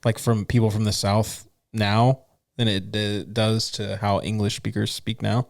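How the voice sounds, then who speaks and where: Blunt low-voiced man chatting casually. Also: little pitch movement, unhurried, creaky, no room sound, clean studio sound. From United States. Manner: blunt, profane, teasing. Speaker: podcast co-host. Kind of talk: casual chat.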